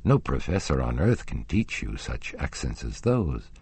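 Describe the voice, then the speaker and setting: A man's voice: a bass voice, sing-song, measured pace, darkish tone, slightly rough, no echo, voice pushed down, exaggerated voice. A man reading aloud and voicing a grave, bewildered young nobleman in a storybook. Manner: grave, hesitant.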